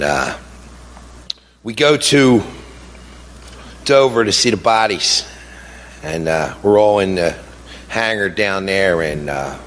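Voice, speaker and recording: A man's voice: lowish voice, fairly bright tone. A middle-aged man speaking as a grieving father in an impassioned public speech, indignant and repetitive, his voice rising with anger. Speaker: grieving father of a fallen soldier. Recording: long reverb of a large hall.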